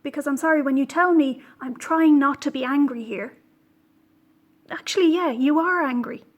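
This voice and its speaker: High-voiced indignant woman vlogging. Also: normal speed. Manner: indignant, emphatic, with frequent fillers. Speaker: knitting podcast host. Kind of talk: casual vlog monologue.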